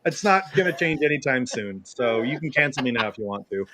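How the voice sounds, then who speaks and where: Lively man hosting with playful teasing. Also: medium pitch, fairly quick, noisy background. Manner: playful, laughs often, teasing. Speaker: podcast host. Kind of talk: casual podcast chat.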